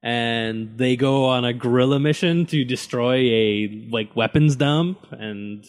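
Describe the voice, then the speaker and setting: Male panelist, mid-pitched, eager recapping. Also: takes it slowly. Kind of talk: casual group chat.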